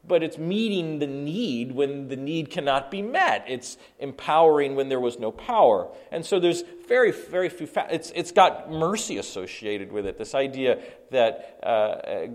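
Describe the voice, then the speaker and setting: A man's voice: medium pitch, big pitch swings, normal speed. A middle-aged man preaching an earnest sermon, often repeating and restarting his words. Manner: earnest, repetitive stammering restarts. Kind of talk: sermon teaching.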